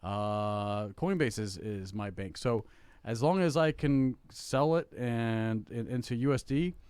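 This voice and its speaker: A man's voice: mid-range voice, slow, a little mellow, clean tone, no echo. Rambling middle-aged man on a podcast. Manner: rambling, many fillers and restarts. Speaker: podcast co-host. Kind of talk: casual chat.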